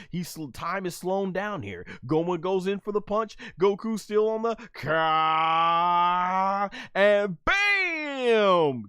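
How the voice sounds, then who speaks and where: A high, smooth male voice, recorded dry and close. He narrates an anime episode scene by scene in a casual, hyped-up way. He keeps jumping into the characters' lines and cries, with lots of "uh" and "like" between them. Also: no echo. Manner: animated, acts out characters' lines, many fillers. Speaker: anime reviewer. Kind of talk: excited anime episode commentary.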